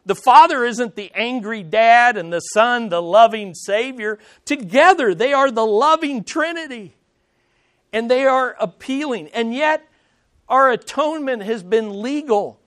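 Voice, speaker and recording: A man's voice: very high voice, lively intonation, unhurried, fairly bright tone. A man preaching a sermon as pastor, with emphatic swells and dramatic readings of scripture quotes.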